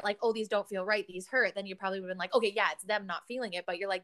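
A woman in her thirties hosts a relaxed conversation, her words tumbling out quickly. She is animated and chatty, laughing often and swearing without a second thought. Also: mid-range voice. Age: 30s. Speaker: podcast host. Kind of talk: casual chat.

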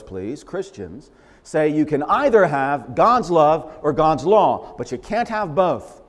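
Animated preacher man in a reverberant hall. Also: a little high. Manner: animated, emphatic preaching with repeated phrases. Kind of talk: sermon.

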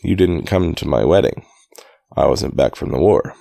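Guy reading as a jaded rich young woman from an old novel, barely puts on a voice, super deep and gravelly, lively pitch. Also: moderate pace, no echo, studio quality, full character voice. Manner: plain, barely voiced quoted lines. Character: cynical, world-weary young rich woman.

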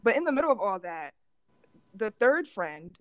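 A young woman co-hosting a podcast, telling a story in a casual, animated way and acting out what people said. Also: mid-range voice, normal speed, dry recording. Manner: animated storytelling with lots of acted-out quotes. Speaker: podcast co-host.

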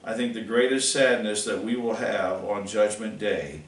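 A man's voice: on the low side, normal speed, a little hiss or hum. Earnest man teaching catechism from afar. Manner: earnest storytelling, folksy. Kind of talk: catechism class talk with personal anecdote. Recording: roomy, mic far off.

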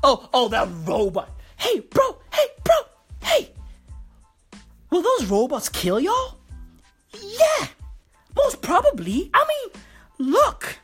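A woman's voice: extremely high pitch, wildly swooping pitch, slow, long pauses, soft background music. A woman delivering a profane, mocking comedy rant full of slang.

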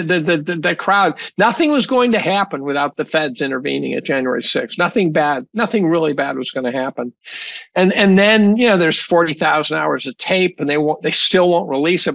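A man's voice: a little high, brisk, creaky, a bit bright, no echo, lo-fi sound. A man guest in an interview, a professor talking bluntly and emphatically, often restarting his sentences. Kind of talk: opinionated conversational interview.

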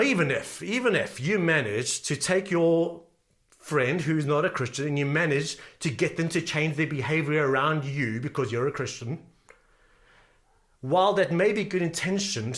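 A man's voice: a little high, fairly bright tone. A male pastor preaching a sermon earnestly, repeating key phrases for emphasis.

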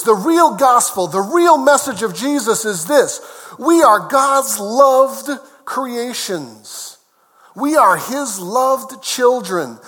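A man's voice: very high-pitched, a bit bright. A man preaching a sermon as pastor, emphatic, repeating key phrases and turning to chat with the congregation. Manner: conversational asides to the congregation. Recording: long reverb of a large hall.

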